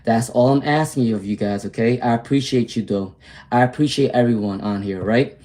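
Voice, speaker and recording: A man's voice: medium pitch, fairly quick, mellow. Chatty, candid male tarot livestreamer. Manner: casual, chatty, addresses viewers by name; slangy, candid, speaks in repeated phrases. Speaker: tarot reader.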